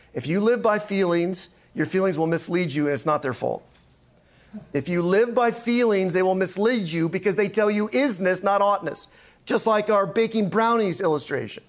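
A man, a pastor and counseling instructor, giving an emphatic teaching lecture and often checking in with "right?". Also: sits high. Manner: emphatic, repeats key points, asks "right?".

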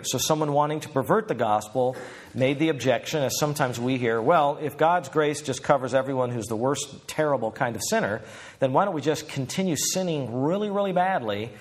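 A middle-aged man delivering a sermon at a steady, middle pitch. He talks earnestly and conversationally, often turning to his listeners with questions as he goes. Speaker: preacher.

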